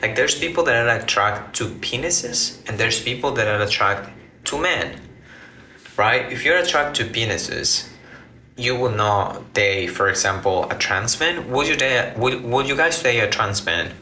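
A man's voice: mid-range voice, expressive, measured pace, bright, forceful tone, echoey room, slight background noise. A man chatting casually with viewers on a livestream, rambling and restarting his phrases as he reacts to comments. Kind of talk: casual live chat with viewers.

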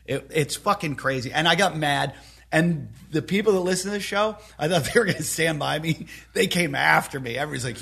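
A man's voice: on the high side, expressive, moderate pace, gravelly, fairly bright tone, husky. A man hosting a podcast who talks bluntly, airs strong opinions and swears freely. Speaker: podcast host. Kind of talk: casual podcast chat.

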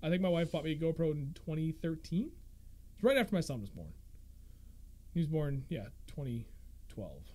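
A man in his thirties hosting a fishing podcast, telling stories in a casual, animated way and laughing often. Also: a little high, moderate pace, long pauses. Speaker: podcast host. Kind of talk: casual chat.

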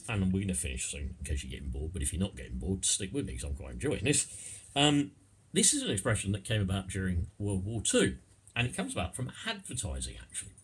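Deep-voiced Englishman with a husky voice. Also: a bit bright. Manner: playful, slips into comic put-on voices. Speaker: English teacher. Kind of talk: casual idiom lesson.

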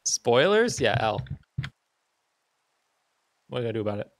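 A young man streaming a game, chatting casually in an excitable, rambling way and slipping into silly voices. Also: medium pitch, moderate pace, no room sound, studio quality. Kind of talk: casual gaming stream chat.

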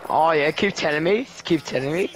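A man's voice: fairly high pitch, a little fast, background noise. Swearing man in game voice chat. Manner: crude, swearing banter. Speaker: gamer in voice chat. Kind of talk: casual gaming voice chat. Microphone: gaming headset.

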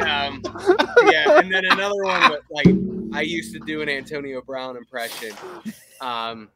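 A man co-hosting a podcast, telling stories in a lively way and slipping into quick impressions of people. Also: mid-range voice, music in the background. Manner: animated storyteller who slips into impressions and laughs. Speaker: podcast co-host, former team staffer. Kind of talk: casual storytelling chat.

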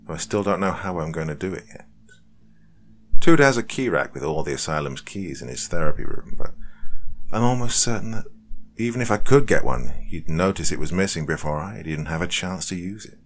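A man with an extremely low, rumbling voice reads a horror story aloud. His delivery is measured and dark, in the manner of a podcast host narrating a first-person tale. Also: lively intonation, a little hiss or hum.

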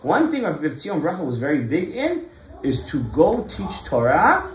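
A little slow and somewhat high-pitched, this man's voice echoes as he leads an informal Torah class for a small group. His storytelling is lively, sprinkled with Hebrew and Kabbalah terminology.

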